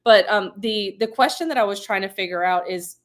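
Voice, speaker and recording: Woman host, mid-pitched, rambling questions, easy laughter. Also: a little fast. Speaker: interviewer. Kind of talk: casual interview chat.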